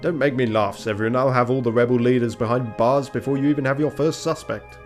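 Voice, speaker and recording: A man voicing a calm, confident male falcon lawyer with a formal manner. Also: mid-range voice, fast talker, faint music behind, pitched above the performer's own voice, close to an everyday voice. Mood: composed.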